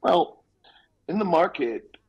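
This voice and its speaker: A man speaking as a real estate guest on a radio interview, explaining things in an easygoing way with quick asides. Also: high-pitched, lively intonation, husky. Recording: dull lo-fi line.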